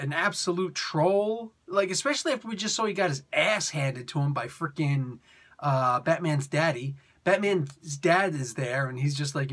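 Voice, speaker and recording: A man's voice: a little high, a bit bright. A man reviewing a comic book in a casual, rambling rant, exasperated and full of mocking put-on quotes. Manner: exasperated, rambling, mock-quoting.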